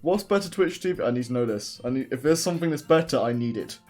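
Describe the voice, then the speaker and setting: A man's voice: medium pitch, lively intonation, quick pace, dark tone, faint music behind. A young man from England with a southern English accent, chatting casually and joking while streaming a game. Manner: joking, rambling, swears freely.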